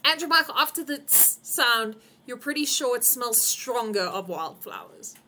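A woman runs a tabletop game as game master and describes a lavish room piece by piece. Her voice is bright and forceful, and she pauses often with ums. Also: on the high side, very animated, slight background noise.

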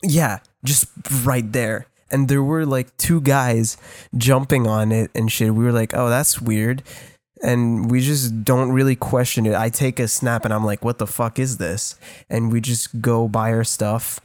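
A man's voice: mid-range voice, steady tone, a little slow, darkish tone, dry recording, clean studio sound. A young man from Canada, co-hosting a podcast, rambling through a story with lots of fillers, restarts and swearing. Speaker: podcast co-host. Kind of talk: casual storytelling chat.

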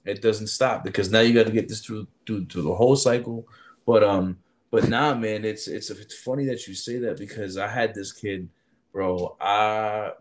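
A man who works as a military recruiter, telling an animated story in casual chat and acting out the people he quotes. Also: on the low side, moderate pace.

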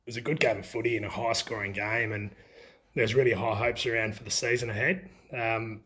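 A middle-aged man with an Australian accent, telling stories from his football days in a relaxed interview, often laughing as he talks. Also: fairly low pitch, a little fast. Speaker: former country footballer. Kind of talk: casual storytelling interview.

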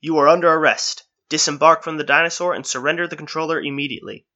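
A man's voice: fairly high pitch, fairly even intonation, quick pace, sharp tone, dull audio, pitched above the performer's own voice. A man doing a cold robotic police drone. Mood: commanding. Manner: cold commanding announcement.

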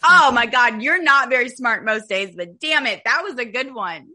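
Bright, giggly, tipsy woman guest. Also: a little high, lively intonation, normal speed. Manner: teasing, giggly. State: tipsy from wine. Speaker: podcast guest. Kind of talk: casual chat.

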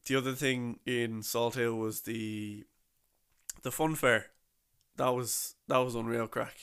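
A man's voice: mid-range voice, steady tone, takes it slowly, fairly bright tone, smooth. A young man telling a rambling, casual story about a trip, full of slang and restarts.

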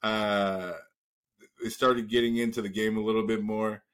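A man's voice: fairly low pitch, little pitch movement, normal speed, a bit bright. A man hosting a podcast, telling a long profane story in casual chat and acting out the voices of the people in it. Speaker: podcast host.

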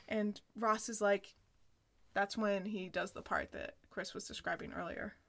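A woman co-hosting a podcast, casually recapping a sitcom episode in an animated way, with lots of "like" and laughter. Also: medium pitch, measured pace, gravelly. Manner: animated retelling, full of "like" and laughter. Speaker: podcast co-host.

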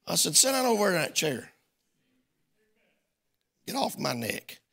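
A man's voice: high voice, sing-song, a little slow, vocal fry, pushed and bright, in a large hall. A man preaching a sermon as pastor, telling a folksy story and acting out both sides of a conversation. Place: church sanctuary.

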